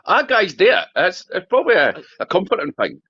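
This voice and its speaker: Fast, lively man. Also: sits high, husky, dry recording, highs cut off. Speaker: guest, a plumber known from social media. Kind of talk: casual live-stream chat.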